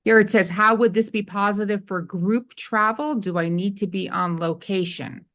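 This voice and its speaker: A woman's voice: mid-range voice, fairly even intonation, normal speed, fairly bright tone. A woman co-hosting a live webinar, reading audience questions aloud and passing them on. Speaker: webinar co-host reading comments.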